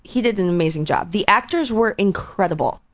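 A woman's voice: medium pitch, a little fast. A woman co-hosting a casual morning radio talk show, telling stories with lots of energy. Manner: animated storyteller, acts out quoted voices. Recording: muffled lo-fi radio audio.

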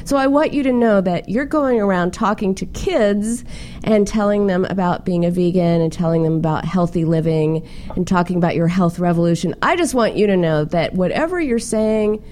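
A middle-aged woman hosting a casual interview, chatty and animated as she tells stories. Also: fairly low pitch, normal speed, slight background noise. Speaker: show host.

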